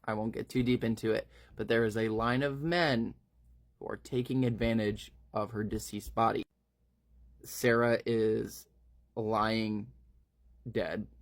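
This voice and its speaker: A man casually retelling a graphic horror story, with fillers and asides as he goes. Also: lowish voice.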